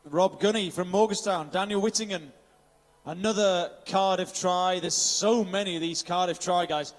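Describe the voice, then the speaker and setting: This is live commentary from the outdoor finish area of a triathlon, delivered in a high-pitched voice at normal speed with fairly even intonation and a long reverb tail. The man stays upbeat, interviewing, reading out finisher names, and dropping in Welsh phrases.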